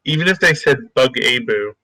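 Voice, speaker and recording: Male podcast co-host, bright edge, goofy banter. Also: mid-range voice, animated, moderate pace, no echo, low-quality recording. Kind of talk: casual chat.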